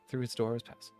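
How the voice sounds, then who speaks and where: A man voicing a haughty, ancient male spirit cat who guards a tavern, reading game dialogue aloud with booming, imperious commands. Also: a little mellow.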